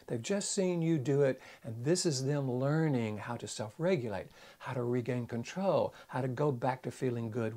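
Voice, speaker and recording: A man who works as a psychologist, giving a conversational, animated teaching talk to camera in a folksy way. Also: mid-range voice. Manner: animated, acts out little parent-child dialogues. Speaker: psychologist and speaker.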